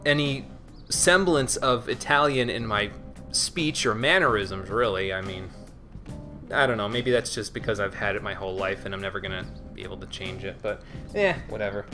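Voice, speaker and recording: A man's voice: on the low side, normal speed, bright, forceful tone, soft background music. A man hosting a casual gaming livestream, chatting easily with viewers and often repeating himself as he talks. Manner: chatty, responds to chat, repeats words. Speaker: livestream host.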